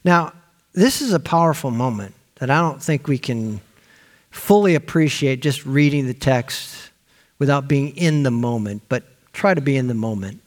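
A male pastor preaching a sermon, telling a story with lively acted-out voices for the people in it. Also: mid-range voice, normal speed. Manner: animated storytelling, acting out quoted voices.

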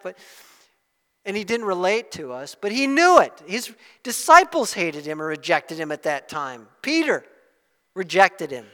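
Impassioned high-voiced pastor in a reverberant hall. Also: male voice, sing-song, normal speed. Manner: impassioned preaching, surging to loud peaks. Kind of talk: sermon.

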